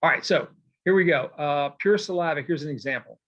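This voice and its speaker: A man gives a recorded poetry lecture in a loose, conversational way. His voice sits a little high for a man, and he keeps checking in with his listeners as he goes. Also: a little fast, a bit bright, lo-fi sound. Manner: casual and digressive, with many fillers and "okay?" check-ins. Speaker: poetry teacher.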